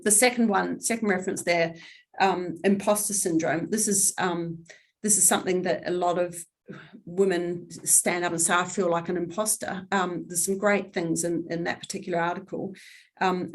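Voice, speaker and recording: Middle-aged woman, slightly low voice; candid, earnest guest speaker who pauses to think. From New Zealand. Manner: earnest, candid, thoughtful, pauses often with ums. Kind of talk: earnest talk on workplace equality.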